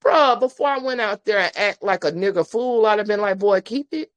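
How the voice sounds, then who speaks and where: A woman's voice: medium pitch, brisk. A woman host giving blunt, profane commentary, ranting with exasperation to her listeners.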